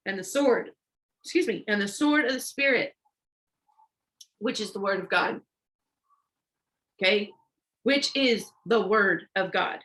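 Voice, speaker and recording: A woman's voice: mid-range voice, animated, fairly bright tone. Urgent woman preaching informally. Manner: urgent and exhortative, repeats herself, frequent "okay?" and "y'all"; stumbles and restarts when rushing. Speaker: online preacher. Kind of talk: informal sermon with scripture reading.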